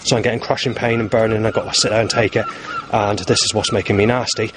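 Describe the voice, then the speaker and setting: Fast and a bit bright, this man's lowish voice narrates a rambling spoken diary as a vlogger out around town, on streets and at stations and bus stops. Passing vehicles and street noise fill the recording while he curses heavily, agitated and prone to angry outbursts.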